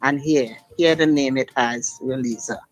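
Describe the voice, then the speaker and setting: A woman's voice: rumbling low, normal speed, soft background music, poor audio. Emphatic woman calling in to radio. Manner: emphatic and impassioned, with long run-on sentences. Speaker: radio caller. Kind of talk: call-in radio talk.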